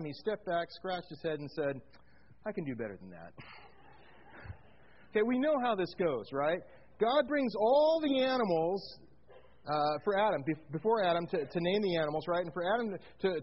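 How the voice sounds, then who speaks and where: A man's voice: high-pitched, fairly quick, dull audio. A man preaching a sermon, walking his congregation through a Bible passage, putting questions to them and slipping in jokes. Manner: animated, asks the congregation questions, tells jokes. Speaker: pastor.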